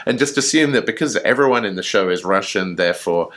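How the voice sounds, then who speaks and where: Low-voiced man telling a story. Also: animated, fast talker, a bit bright. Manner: chatty, enthusiastic storytelling with fillers. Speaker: podcast co-host. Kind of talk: casual chat.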